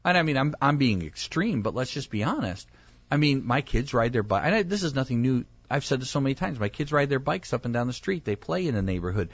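A male pastor chats casually at a quick pace, his medium-pitched voice carrying a breathy edge. He's an animated storyteller who acts out the quoted voices of people in his stories, captured on a dry, lo-fi recording.

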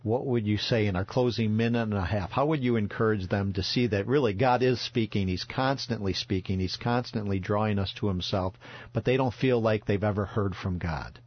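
A man's voice: lowish voice, fairly quick, muffled recording. A man hosting a radio talk show, asking questions on behalf of listeners. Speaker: radio host. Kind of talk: radio interview.

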